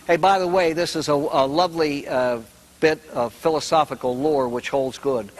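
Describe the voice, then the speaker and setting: A man's voice: fairly high pitch, fairly even intonation, normal speed, a little hiss or hum. Folksy male joke-telling speaker. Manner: folksy storyteller, laughs at own jokes. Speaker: priest and recovery speaker. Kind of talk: humorous talk with jokes.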